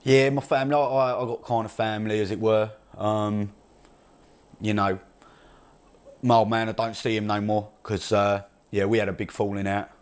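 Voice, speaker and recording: A man's voice: on the low side, flat delivery, moderate pace, clean tone, close to an everyday voice. A man playing a brash, crude chav with an Essex accent, rambling and swearing in laddish banter as a comedy character monologue.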